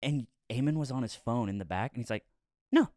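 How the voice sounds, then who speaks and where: A man's voice: medium pitch, fast, dry recording, clean studio sound. A man co-hosting a podcast, telling a dream story in casual chat and acting out the quotes. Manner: animated storytelling, laughs often, acts out quotes. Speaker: podcast co-host.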